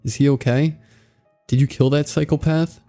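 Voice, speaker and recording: A man's voice: a little high, steady tone, normal speed, dark tone, soft background music, voice pushed up, lightly acted. A man voicing a frightened, angry young woman camper who fires off urgent questions in a horror story reading. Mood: shaken.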